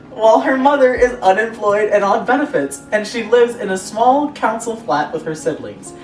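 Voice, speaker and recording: A woman's voice: a little high, expressive, normal speed, hardly any pauses, darkish tone, distant mic. A young woman co-hosting a casual chat show, reading posts aloud with sarcastic asides and frequent laughter. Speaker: podcast co-host reading stories. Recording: echoey room, voice off-mic, faint music.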